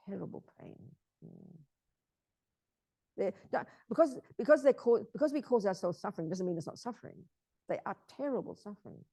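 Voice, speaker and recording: A woman's voice: on the low side, warm tone, breathy edge, no echo. A woman teaching Buddhism in an emphatic way, repeating key phrases and often asking her listeners if they understand.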